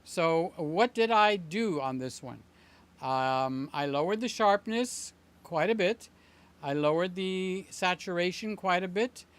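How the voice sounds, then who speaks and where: A man's voice: high-pitched, fairly bright tone, clean tone. An older man hosts a live stream, chatting loosely and cracking jokes as he goes. His talk wanders, full of fillers and little asides. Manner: rambling and jokey, with many fillers and asides. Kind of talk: casual live-stream chat.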